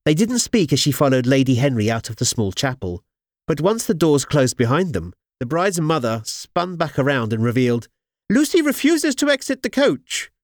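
A male audiobook narrator tells the story expressively in a medium-pitched voice at a moderate pace. The studio recording is clean, with no room sound.

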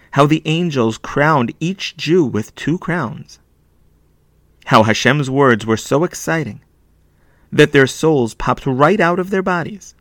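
A man narrating a children's story expressively, slowing and hushing for sad moments. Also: mid-range voice, no room sound. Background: faint violin music.

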